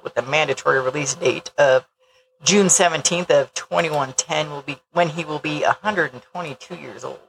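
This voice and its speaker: Podcast host, casual chat, sarcastic, laughs often, wry, gravelly fry in the voice. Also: mid-range voice, fairly bright tone, a little hiss or hum, low-quality recording.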